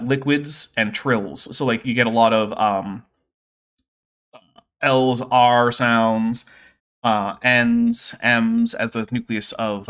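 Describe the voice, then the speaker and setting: A man's voice: mid-range voice, fairly bright tone. A man hosting a livestream, explaining science in a casual, nerdy way with many fillers. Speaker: host.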